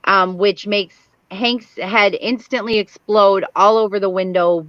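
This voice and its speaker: A woman with a mid-range voice walks methodically through a plot, filling pauses with ums. The sound is dry and dull, like lo-fi livestream audio. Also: mid-range voice, fairly even intonation, no room sound. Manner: methodical narrator with frequent ums. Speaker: co-host. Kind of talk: casual chat recapping a TV episode.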